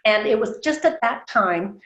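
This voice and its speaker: A woman in her sixties from Canada, a guest telling her story on a video call, animated, laughing often and acting out dialogue. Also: on the high side, measured pace. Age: 60s. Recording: roomy, muffled video call audio.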